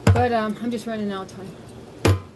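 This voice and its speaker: A woman's voice: on the high side, steady tone, moderate pace, very noisy. A woman hosting a casual cooking livestream from her home kitchen, chatty and thinking aloud as she talks to viewers. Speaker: livestream host.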